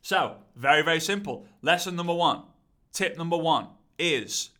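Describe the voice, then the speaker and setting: A man coaching on content creation in an energetic, repetitive, rallying teaching monologue. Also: fairly high pitch, moderate pace.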